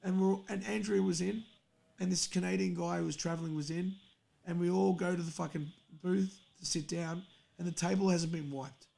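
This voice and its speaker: Young man, podcast host, heated profane rant, raised pitch, gravelly fry. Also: steady tone, normal speed, dark tone. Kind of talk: angry casual rant on a stream.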